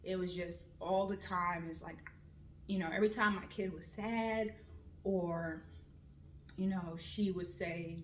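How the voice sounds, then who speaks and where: A woman in her late thirties hosting a casual personal monologue, with lively storytelling that slips into voices when she quotes her family. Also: fairly low pitch, measured pace, a little hiss or hum. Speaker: vlog host. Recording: roomy echo.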